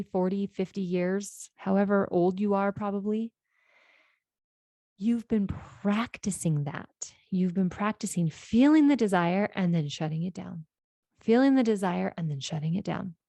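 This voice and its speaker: A middle-aged woman talks alone into the mic as a life coach, earnest and storytelling, slipping into quoted voices. Her tone is mellow and low in brightness, at an ordinary pitch for a woman. The recording is close and dry, with no room sound. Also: vocal fry, no echo. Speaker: podcast host and life coach. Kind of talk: solo podcast monologue.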